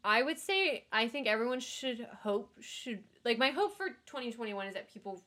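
A young woman from the United States co-hosting a podcast in casual chat, talking quickly with lots of asides. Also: a little high, lively intonation, fairly bright tone. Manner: chatty, quick asides, frequent laughs. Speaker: podcast co-host.

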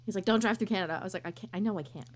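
A woman's voice: mid-range voice, rapid-fire, a little hiss or hum. A young woman telling a story in casual chat, swearing and acting out quotes in different voices.

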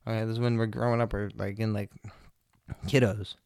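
A man's voice: fairly low pitch, level tone, brisk, creaky, darkish tone, smooth, no room sound, clean studio sound. A young man hosting his own podcast, telling loose, profane, jokey stories in a casual rambling monologue. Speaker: podcast host.

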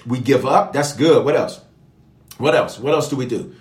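A man's voice: mid-range voice, moderate pace, background noise. A man preaching to an online audience, repeating key phrases and calling on viewers to respond. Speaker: pastor leading online prayer. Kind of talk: livestream sermon and prayer teaching. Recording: echoey room.

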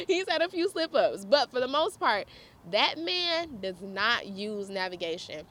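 Brief: young woman, casual storyteller, swooping lively voice, a bit high, laughs often, chats to viewers. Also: unhurried. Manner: animated, laughs often, chatty asides to viewers. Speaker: vlogger.

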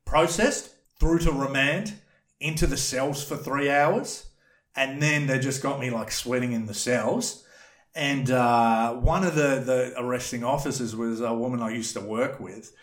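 A man telling a rambling, animated story in casual chat, swearing freely. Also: medium pitch, unhurried, reverberant. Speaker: podcast guest telling a story.

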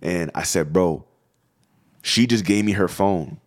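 A young man co-hosting a podcast, telling a high school story in a casual, profane, animated way. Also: a little slow. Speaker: podcast co-host.

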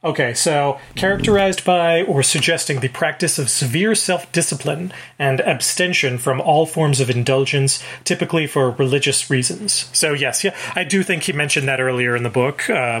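A man's voice: fairly high pitch, normal speed, a bit bright. A man co-hosting a casual book podcast, explaining background details with plenty of fillers. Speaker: podcast co-host. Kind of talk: casual book-club chat.

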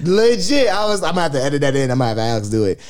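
Young guy on a podcast, kinda high voice, super animated, swears a lot telling stories. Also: very fast, crowd noise. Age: 20s. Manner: animated, profane storytelling with loud quoted outbursts. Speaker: podcast co-host. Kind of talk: casual storytelling chat.

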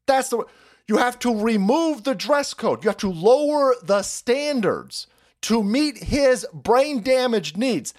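A man tearing through a political rant on his live stream, crude and mocking. His voice sits high and leaps all over the place, from near-shouts down to low grumbles. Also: animated, slow pace. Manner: loud, profane, mocking, swings between shouts and mutters. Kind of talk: ranting live-stream commentary.

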